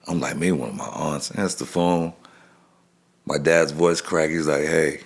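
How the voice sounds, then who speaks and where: A middle-aged man telling a personal story as a podcast guest, halting and restarting his phrases and acting out what people said. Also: rumbling low, gravelly, slightly rough.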